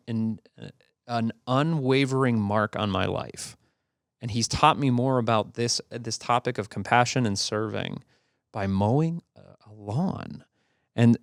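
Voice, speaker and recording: A man's voice: medium pitch, no room sound, clean studio sound. A man co-hosting a podcast, telling a story in an easygoing way with fillers and restarts. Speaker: podcast co-host. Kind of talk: casual conversational storytelling.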